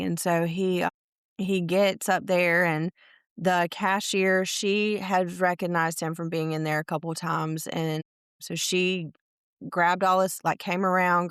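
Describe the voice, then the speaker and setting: Woman, podcast co-host; earnest storyteller, lowish smooth voice, dry close mic. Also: dry recording. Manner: earnest, acts out quotes of others. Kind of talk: storytelling in casual faith chat.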